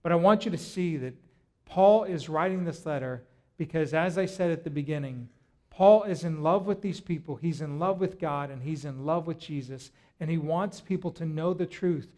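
A male pastor delivers a sermon in a lively storytelling way. His voice sits a little high for a man, and he often breaks off and restarts his words as he goes. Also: normal speed.

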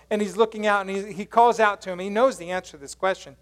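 A male pastor preaching a sermon, retelling a story in animated, casual language and questioning his congregation. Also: sits high, fast talker, few pauses. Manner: casual slangy phrasing.

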